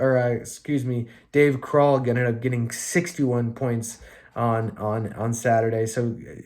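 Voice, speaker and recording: A young man hosts a casual fantasy hockey podcast in an easygoing, mid-pitched voice. He rattles through the week's scores loosely and swears freely. Every so often he drifts into mock rants aimed at his league mates. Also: a little mellow.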